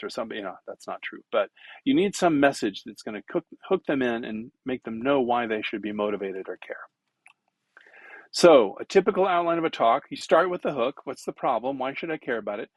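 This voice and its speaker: A man's voice: mid-range voice, no echo, low-quality recording. A man teaching public speaking in a conversational lecture, demonstrating as he goes and using many fillers. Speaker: instructor.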